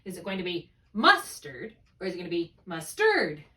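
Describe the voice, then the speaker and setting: This reading tutor has a lowish voice and a flat, rapid-fire delivery, captured on a distant mic. She takes one student patiently through spelling rules step by step, frequently checking that it makes sense.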